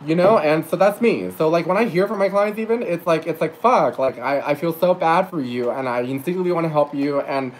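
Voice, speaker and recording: A tipsy male psychic reader rants through a profane livestream monologue in a slightly high voice, talking a little fast with hardly any pauses. The low-quality recording has faint background noise, and he rambles, grows teary at times, and keeps correcting himself.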